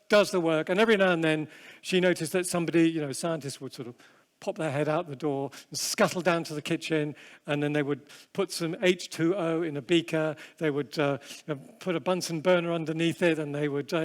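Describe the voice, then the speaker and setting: Man, seminar speaker, humorous storytelling, self-deprecating, lots of restarts, fairly high voice. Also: long reverb tail. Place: large hall with long reverb.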